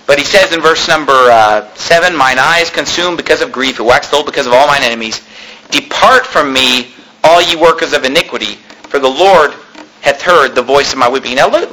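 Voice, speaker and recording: A man preaching a sermon, emphatic and conversational, often quoting old-style scripture and dropping his voice to a hush for effect. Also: on the high side, slight background noise, poor audio. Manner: emphatic, swings between loud and hushed; quotes King James scripture aloud.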